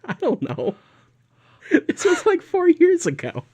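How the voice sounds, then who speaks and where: A young man co-hosting a podcast in casual chat, telling animated stories, laughing often and acting out quotes. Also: very high voice, a little slow. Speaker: podcast co-host.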